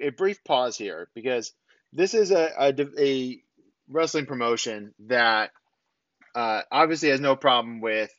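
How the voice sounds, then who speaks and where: Lively man recapping wrestling. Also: mid-range voice, dry recording, lo-fi sound. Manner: animated recapping, acts out quotes. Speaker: wrestling podcast co-host. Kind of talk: casual chat.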